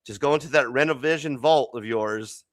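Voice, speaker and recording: A man's voice: medium pitch, normal speed, no room sound. A man from Arizona hosting a casual late-night comics show, joking and laughing often. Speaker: host.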